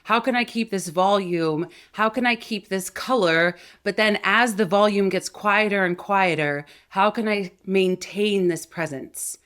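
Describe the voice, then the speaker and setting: An energetic woman coaches listeners through vocal exercises, her voice sitting in a middle pitch. She talks with lively emphasis and shifts her loudness from full to soft to demonstrate projection. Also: a little slow, few pauses, clean tone. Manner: energetic, demonstrative, varies loudness to show technique. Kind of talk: instructional video lesson.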